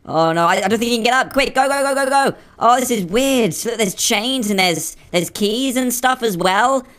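A man plays through a game with his voice run through a pitch-raising filter, so he sounds higher than his natural voice. He talks in excitable, jittery bursts, full of nervous exclamations. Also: moderate pace. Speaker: gaming video creator. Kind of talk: playing through a game adventure.

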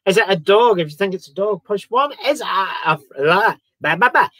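Chatty man hosting a live quiz, fairly high voice, close dry mic, banters with viewers. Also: animated, fairly quick, pushed and bright, no echo. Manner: chatty, reads out viewer comments and jokes around. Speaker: quiz host. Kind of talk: live-streamed quiz chat.

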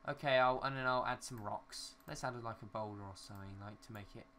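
A man's voice: fairly low pitch, brisk, bright, forceful tone, slight background noise. A young man giving casual, rambling commentary while building in a city game, talking to himself and swearing mildly at glitches. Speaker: gaming YouTuber.

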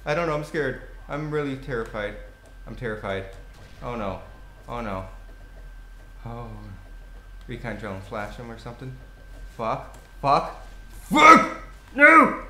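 A young man giving excitable gameplay commentary, swearing and yelling at the game. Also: mid-range voice, unhurried, pauses often. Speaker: gaming commentator. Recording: echoey room with faint noise.

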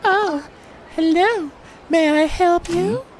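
Man doing a timid schoolgirl for game dialogue, squeaky high falsetto. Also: slow, slight background noise. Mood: sweet. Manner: falsetto, sing-song and pleading. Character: sweet timid teenage schoolgirl. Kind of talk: voice-acting game dialogue for a stream.

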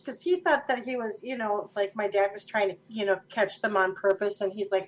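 A woman's voice: medium pitch, fairly quick, hardly any pauses, dull audio. A woman from Minnesota telling a funny story in casual chat, laughing often as she talks. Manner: giggly, laughs through her stories. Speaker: podcast co-host.

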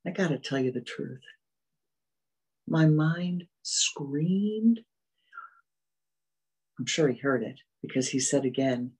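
A spiritual teacher giving a meditative dharma talk, gentle and repetitive, often fading to soft murmurs. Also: mid-range voice, animated, takes it slowly, pauses often, husky, rough recording.

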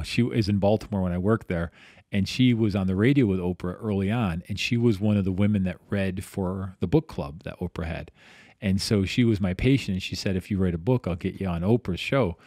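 With a low-pitched voice, this middle-aged physical therapist guest chats casually on a podcast, telling animated stories and voicing the people he quotes. He restarts often, and the recording is studio quality without echo.

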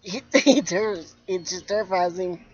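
A woman's voice: lowish voice, measured pace, breathy edge, lo-fi sound. A woman vlogger chatting casually outdoors with her mother, laughing often as she tells stories. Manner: giggly, laughs often while telling a story. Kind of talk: casual chat.

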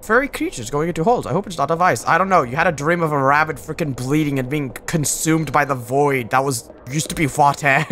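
A gamer giving rambling, excitable let's-play commentary, swinging between loud outbursts and mumbled asides. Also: mid-range voice, brisk, slight background noise. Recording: voice over game music.

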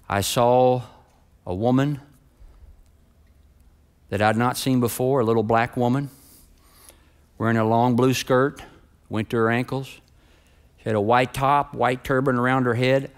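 A middle-aged man preaching a sermon as pastor. He starts with a quiet, subdued personal story and builds to loud, rising preaching. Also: mid-range voice, steady tone, unhurried, long pauses, smooth.

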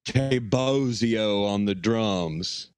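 Low-voiced man ranting in jokey banter. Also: slow pace, smooth, no room sound. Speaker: podcast co-host. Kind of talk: casual comedic banter.

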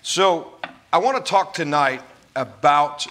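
A man's voice: a little high, expressive, slow, fairly bright tone. A man preaching a sermon as a pastor, emphatic and stretching key words.

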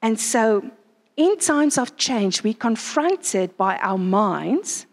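Woman, sermon, animated, rhetorical questions, higher voice, hall echo. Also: slow pace. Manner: animated, asks the crowd frequent rhetorical questions. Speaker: conference speaker. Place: conference venue.

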